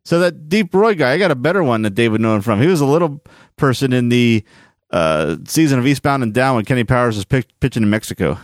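A man's voice: mid-range voice, animated, fast, no room sound. A man co-hosting a podcast in casual chat, joking and laughing. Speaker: podcast co-host.

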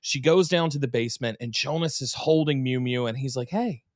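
A man's voice: medium pitch, brisk, no echo, studio quality. A man co-hosting a casual podcast, animatedly recapping an episode with swearing and silly voices. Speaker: podcast co-host.

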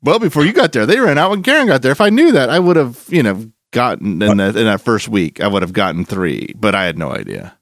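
Male podcast co-host, gravelly, lively delivery, dry studio sound. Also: mid-range voice, fast talker, hardly any pauses, no room sound. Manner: animated, rambling with frequent restarts. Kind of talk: casual chat.

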